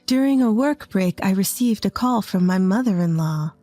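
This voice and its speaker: A woman's voice: medium pitch, expressive, moderate pace, warm tone, no room sound, faint music behind. A woman in her twenties from rural Texas, telling a first-person story in an earnest, plain way. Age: 20s. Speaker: narrator.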